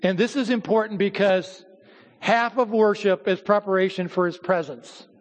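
A male pastor delivers a teaching sermon in a high-pitched voice. He speaks in measured phrases, pausing and repeating words as he explains each point. His voice rings out with a long reverb from the church hall. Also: fairly even intonation.

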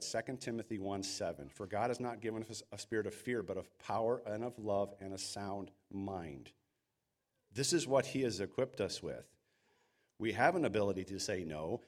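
A man's voice: on the low side, a little mellow. A man preaching a sermon in an earnest, emphatic way, sometimes acting out quoted voices. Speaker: pastor.

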